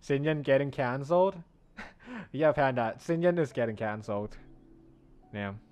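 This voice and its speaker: A man's voice: mid-range voice, measured pace, darkish tone, clean tone. A man streaming a game, chatting casually with viewers and laughing often. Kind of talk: casual live-stream chat. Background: faint lofi background music.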